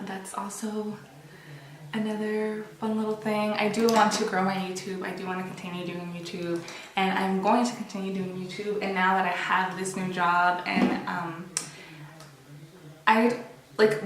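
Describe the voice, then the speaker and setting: A young adult beauty vlogger chats candidly in a casual get-ready-with-me video, rambling and restarting often. She's recorded on a built-in camera mic, and the sound is reverberant. Her voice is mid-range and fairly bright.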